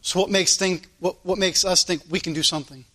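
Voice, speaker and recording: Male preacher, high bright voice, church sermon that swings between loud and quiet. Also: fairly even intonation, fairly quick. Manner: preaching with sudden rises and drops in loudness. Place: church service.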